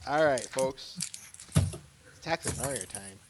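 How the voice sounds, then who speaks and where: A man's voice: medium pitch, expressive, slow pace, noisy background. A man hosting a casual podcast, recapping things in a rambling way with many restarts. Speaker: podcast host.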